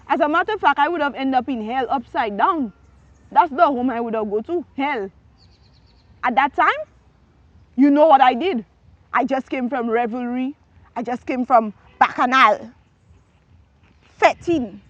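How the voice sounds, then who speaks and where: A woman gives a preached testimony in a high, emphatic voice, throwing out rhetorical questions and breaking into shouts. The sound is dry and close, with a slightly dull, muffled top end. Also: no room sound. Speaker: testimony speaker.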